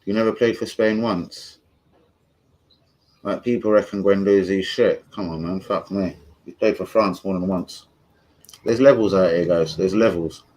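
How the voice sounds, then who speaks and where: A man's voice: low voice, fairly even intonation, unhurried, darkish tone, low-quality recording. A young man ranting in a rambling, sweary livestream chat about football. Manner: rambling, sweary, loses his thread. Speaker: football fan streamer.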